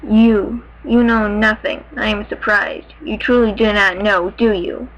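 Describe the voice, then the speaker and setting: A woman's voice: medium pitch, steady tone, measured pace, lo-fi sound, close to an everyday voice. A woman voicing a menacing male cat warrior who taunts in a cold, cutting way during a storybook reading. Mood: taunting.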